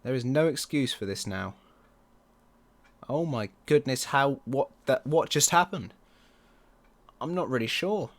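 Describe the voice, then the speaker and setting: A man commenting on his own football management game, excitable and quick to groan or yell at the match. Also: mid-range voice. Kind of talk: let's play commentary.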